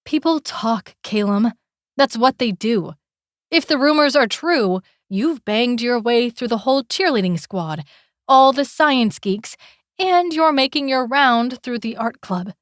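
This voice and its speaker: Brief: woman voicing defiant young heroine for an audiobook, sarcastic and cutting, higher and lively, slow, dry studio sound. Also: dry recording. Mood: defiant, mocking. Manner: biting, sarcastic retorts. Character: defiant young woman, sharp-tongued and proud. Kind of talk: audiobook character voice.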